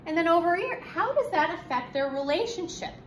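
A woman teaching a recorded fourth grade reading lesson, speaking slowly and emphatically and encouraging her students. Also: extremely high pitch, sing-song, a little hiss or hum, rough recording.

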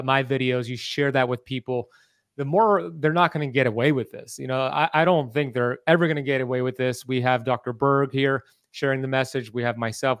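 A man hosting a live podcast interview, talking in an energetic, persuasive, rallying way. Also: medium pitch, dry recording, clean studio sound. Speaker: podcast host.

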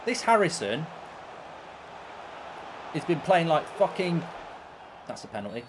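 A man's voice: a little high, sing-song, unhurried, pauses often, slight background noise. A man streaming gameplay, ranting and swearing in exasperation as he commentates. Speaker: streamer and host.

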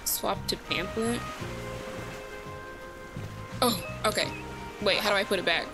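A medium-pitched woman takes her time hosting a let's play, chatting casually with viewers and laughing often, with game music playing behind her.

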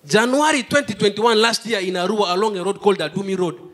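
A male stand-up comedian telling a story on stage, lively, with sudden exclamations. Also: high-pitched, quick pace. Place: live comedy show stage.

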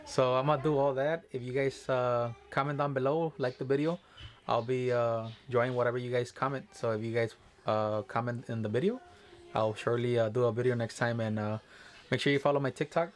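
A man chats loosely to his viewers as he sketches, rambling from one thought to the next. He keeps giggling and apologizing, relaxed and cheerful in a home setting. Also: mid-range voice, a little fast. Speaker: artist and content creator. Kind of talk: casual chat to camera while drawing.

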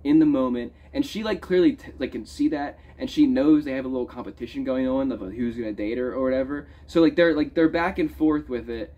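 A man giving a casual, profane movie review, talking with big swings in pitch and loudness. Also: a little fast, few pauses, lo-fi sound.

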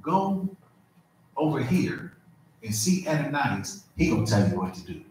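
A man preaching voices Jesus in a calm, plain-spoken way. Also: mid-range voice, measured pace, heavy reverb, far from the mic, slight background noise, voice pushed down, low-quality recording. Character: Jesus, calm firm male voice.

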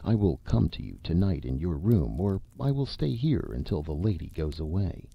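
A man voicing a calm, coaxing ghost. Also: low-pitched, moderate pace, vocal fry, breathy edge, dry recording, highs cut off, full character voice. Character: polite, persistent male ghost of an uncle. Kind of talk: audiobook reading.

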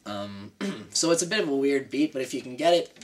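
A man's voice: mid-range voice, expressive, a little fast. A man giving a casual guitar lesson. He counts beats aloud, chats loosely and keeps checking in with "right?", with his own guitar playing under his speech. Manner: chatty and loose, tags explanations with "right?". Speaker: guitar teacher. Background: his own acoustic guitar playing.

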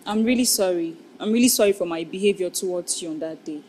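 An actress playing a polite young woman who speaks in a soft, apologetic way. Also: lowish voice, fast talker, a little hiss or hum, natural voice. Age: young adult. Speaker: daughter. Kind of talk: film acting.

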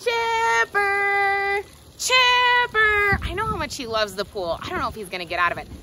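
A woman leading a children's Bible lesson, talking to the kids and a puppet dog in an animated way. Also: mid-range voice, racing, very noisy. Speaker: preschool Bible teacher.

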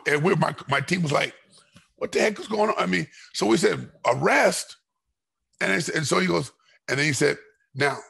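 Gravelly, breathy man telling a rambling story. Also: on the high side. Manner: rambling, restarts a lot, gets loud and heated telling the story. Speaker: guest, former fighter. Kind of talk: storytelling interview. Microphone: podcast microphone.

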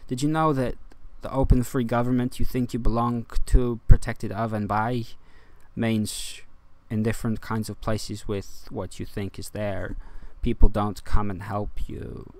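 A man's voice: on the low side, fairly even intonation, unhurried, no room sound. Rambling, ranting man, dry close sound. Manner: rambling, ranting, volume swings from loud to quiet. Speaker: vlogger. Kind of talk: rambling monologue to camera.

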